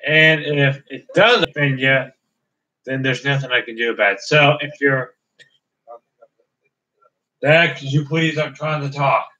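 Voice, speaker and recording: A man's voice: medium pitch, a little slow, long pauses, sharp tone. A man hosting a casual let's-play video, rambling and restarting his sentences. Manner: rambling, hesitant with many restarts. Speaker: gaming video host. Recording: dull lo-fi recording.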